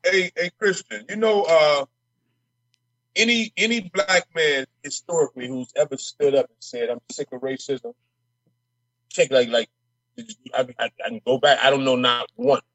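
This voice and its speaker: A man's voice: medium pitch, normal speed, a bit bright, no echo, lo-fi sound. A man speaking as a state legislator guest in an interview, emphatic and fiery, repeating words as he heats up. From Minnesota. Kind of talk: passionate interview talk.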